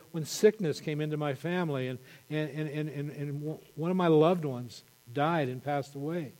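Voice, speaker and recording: A male pastor preaching an impassioned sermon, building to loud emphatic peaks. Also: on the high side, moderate pace, hardly any pauses, in a large hall.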